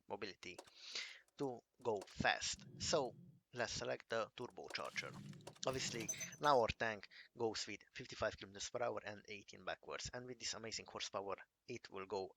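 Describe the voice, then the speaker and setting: A man giving a casual game review, enthusiastic and halting, calling things amazing again and again. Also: on the low side, gravelly, bright, forceful tone, a little hiss or hum. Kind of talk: casual gameplay commentary.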